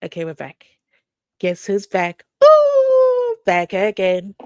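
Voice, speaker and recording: A woman's voice: on the low side, fairly even intonation, measured pace, clear, resonant tone, dry recording. A woman hosting a live stream in casual chat, reacting animatedly to viewer comments. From South Africa.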